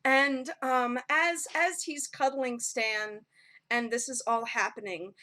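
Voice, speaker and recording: A woman game master narrates a tabletop game in a slow, relaxed way, with frequent ums along the way. Her voice sits a little high and sounds bright and forward.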